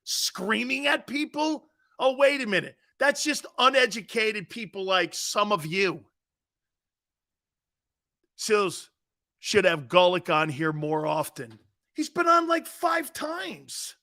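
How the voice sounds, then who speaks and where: A man's voice: high-pitched, expressive, slow, pushed and bright. A middle-aged man hosting a sports talk radio show, brash and mocking, talking back to his listeners. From United States.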